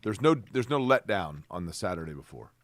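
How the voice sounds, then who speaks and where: A man's voice: deep voice, very animated, brisk, fairly bright tone, no echo, clean studio sound. A man co-hosting a sports podcast, easygoing and playfully fussy. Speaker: podcast co-host. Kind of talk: casual sports chat.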